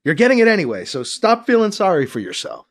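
A man's voice: sits high, huge pitch swings, quick pace, voice pushed up. A man voicing a wry, caring young man in an audiobook, dry and teasing yet earnest. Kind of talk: audiobook character voice.

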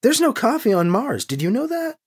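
A brash, quick-tempered young woman, as the narrator puts her on, voiced high above the narrator's own register, with pitch that leaps all over the place. Her voice is husky at the edges, and she teases and curses freely. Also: sing-song. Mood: teasing. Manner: quick-tempered, swears, teasing.

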